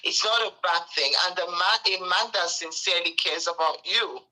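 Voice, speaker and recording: A woman hosting an interview with a fairly low voice and a bright, forceful edge. She keeps affirming her guest and wraps the show up warmly. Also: normal speed, rough recording. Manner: affirming, agreeing backchannels. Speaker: host.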